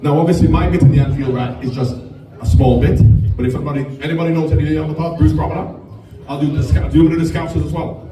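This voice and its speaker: A man's voice: a little high, fairly even intonation, rapid-fire, a crowd in the background. A man from Jamaica, a guest speaker at a private evening, telling stories, joking and swearing, then rapping along to a song. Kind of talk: stage storytelling and rapping. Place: indoor venue at a private evening. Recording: roomy venue, distant mic, loud music.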